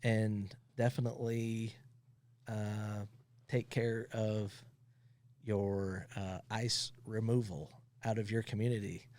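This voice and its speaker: A man who owns a towing company, guesting on a podcast and telling funny stories in a casual, animated way, often laughing as he talks. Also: on the low side, slow, no echo. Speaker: tow truck company owner, podcast guest. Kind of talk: casual storytelling.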